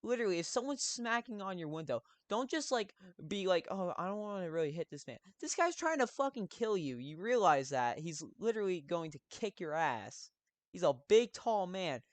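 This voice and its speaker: A man live-streaming his reactions to a story, loud and profane, excitable commentary. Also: high-pitched, moderate pace, no room sound.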